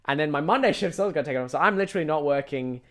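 A man's voice: on the high side, expressive, very fast. A young man, chatting casually and laughing as a podcast co-host. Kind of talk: casual chat.

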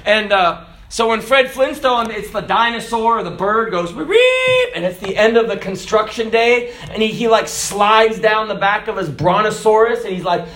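A man preaching a sermon in a folksy, animated way, often laughing and sometimes shouting. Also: sits high, normal speed, few pauses, echoey room, slight background noise. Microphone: phone recording.

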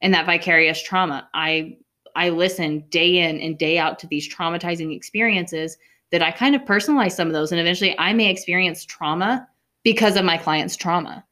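A woman's voice: on the low side, fairly quick, sharp tone. A woman therapist co-hosting a podcast, talking candidly and earnestly in casual chat and swearing now and then.

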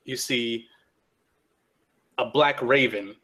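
A man's voice: medium pitch, slow, bright, forceful tone. A man narrating as game master of a tabletop game, rambling and restarting often.

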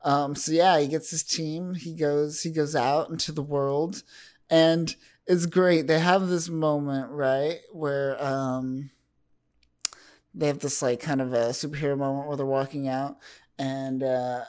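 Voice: mid-range voice, level tone, a little slow, a little mellow. A co-host in a casual comic book chat, recapping the story with lots of fillers and quoting the characters. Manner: laid-back, lots of fillers, quotes characters.

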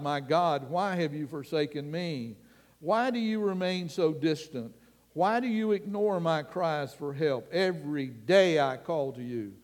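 A man preaching a sermon as pastor, earnest and deliberate, sometimes dropping his voice to a hush. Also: on the high side, long reverb tail. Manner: slow, earnest preaching with dramatic drops to a hush.

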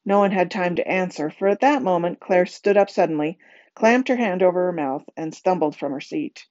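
A woman reading a novel aloud in a calm, even voice and giving the characters quiet voices. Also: low-pitched, normal speed, no room sound. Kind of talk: storybook reading. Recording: dull, lo-fi home recording.

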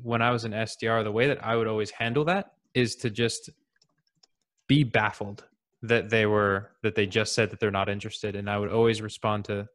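Man recounting sales calls, lowish voice. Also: steady tone, fairly quick, fairly bright tone. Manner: acts out phone exchanges. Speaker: sales panelist. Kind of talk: casual anecdote.

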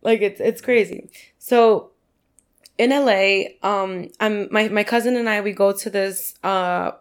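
A woman's voice: medium pitch, fairly even intonation, measured pace, clean tone. A woman with a New York accent, chatting as a podcast guest and telling a long story in a loose, rambling way, full of "like" and swearing. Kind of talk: casual storytelling chat.

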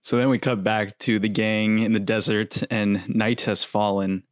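A man's voice: lowish voice, level tone, measured pace, no room sound, studio quality. A young man co-hosting a podcast, easygoing as he retells scenes with quoted lines. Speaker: podcast co-host. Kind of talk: casual recap narration.

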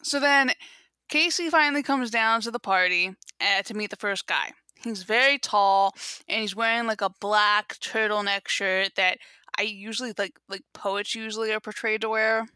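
Bright-voiced young woman chatting casually. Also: medium pitch, normal speed, smooth, no room sound. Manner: rambling, lots of "like" fillers, recaps a show. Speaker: podcast co-host. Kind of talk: casual chat.

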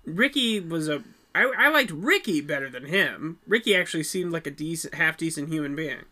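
A bright, crisp voice that talks bluntly and swears freely in a loose chat about a horror film. It often repeats its first words before finishing a thought. The pitch sits at a middle level. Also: expressive, moderate pace. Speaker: film podcast co-host. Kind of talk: casual movie review chat.

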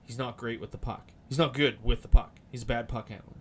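A man hosting a podcast, talking casually about hockey in an animated, rambling way and swearing now and then. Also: medium pitch, fairly quick, a little hiss or hum. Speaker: podcast host.

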